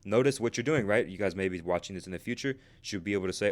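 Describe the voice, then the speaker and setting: Guy with a deep-ish voice rattling off a casual lesson super fast, keeps saying right?. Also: lively intonation. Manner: fast, chatty, says "right?" constantly. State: out of breath. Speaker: trading instructor.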